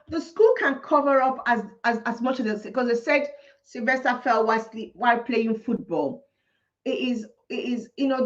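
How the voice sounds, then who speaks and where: A woman, a teacher giving indignant, impassioned commentary, ranting and repeating her points for emphasis. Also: a little high. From Nigeria. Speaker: teacher and vlogger. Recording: dull lo-fi recording.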